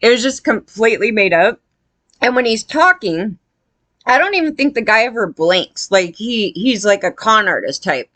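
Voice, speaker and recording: A woman's voice: on the high side, sing-song, normal speed, fairly bright tone, no room sound. A woman giving casual, blunt commentary, rambling with lots of fillers and sounding disgusted.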